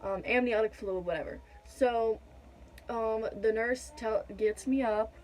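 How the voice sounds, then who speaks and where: A woman's voice: fairly high pitch, steady tone, a little slow, a little mellow, slight background noise, poor audio. A young woman telling a personal story to her viewers in a chatty, direct way, filling gaps with "da da da.". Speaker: vlogger. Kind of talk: casual storytime.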